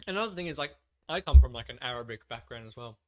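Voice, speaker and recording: Loose, laughing Australian podcast co-host. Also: male voice, mid-range voice, lively intonation, fast, slight background noise, rough recording. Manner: loose, swearing, laughs often. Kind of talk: casual chat. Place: studio room, live-streamed podcast.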